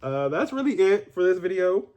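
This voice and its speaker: A young man, casually talking through a vlog with animated, rambling, profane speech full of fillers. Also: sits high, a little fast, lo-fi sound. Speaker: YouTuber.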